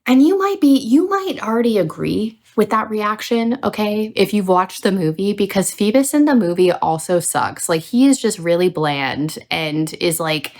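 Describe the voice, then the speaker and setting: A woman's voice: mid-range voice, normal speed, few pauses. A young adult woman hosting a casual book review video, ranting with plenty of swearing. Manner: ranting, profane, animated.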